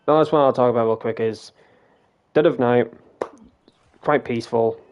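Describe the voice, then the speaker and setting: A man's voice: medium pitch, moderate pace, lo-fi sound. A man casually telling a ghost story during a game stream, rambling, swearing freely and acting out what people said. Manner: rambling, swears freely, retells quoted dialogue.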